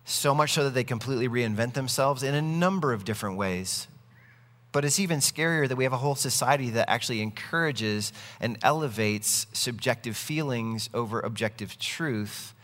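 A man's voice: medium pitch, moderate pace, fairly bright tone, big-room sound. A man preaching a sermon, earnest and conversational, telling stories as he goes. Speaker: pastor.

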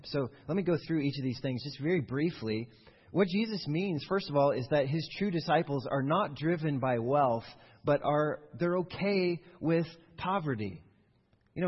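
A man's voice: mid-range voice, husky. A man preaching a sermon as pastor, earnest and conversational, explaining his points and acting out quoted voices. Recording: dull long reverb of a large hall.

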